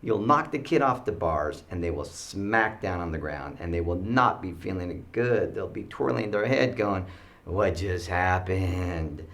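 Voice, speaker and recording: A man teaching students school rules with animated storytelling, acting out the kids' voices. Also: low-pitched, moderate pace, few pauses.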